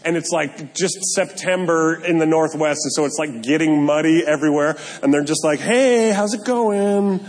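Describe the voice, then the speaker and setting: A male pastor preaching a sermon, animated and joking, with self-deprecating asides. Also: a little high, a little fast, hardly any pauses. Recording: long hall reverb.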